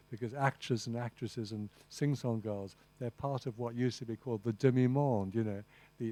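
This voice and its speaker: Rambling enthusiastic male lecturer, dark voice. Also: mid-range voice. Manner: rambling, enthusiastic, with asides to the audience; frequent restarts and "you see". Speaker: lecturer on translation. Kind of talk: master class lecture. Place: lecture room.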